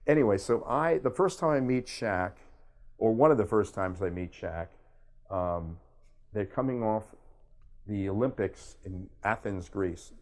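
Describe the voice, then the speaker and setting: An older man from Miami with a fairly low voice tells sports anecdotes as an interview guest. He is animated and lively, slipping into impressions and jumping back into his own telling. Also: unhurried. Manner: animated storyteller, does impressions. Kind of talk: casual storytelling interview.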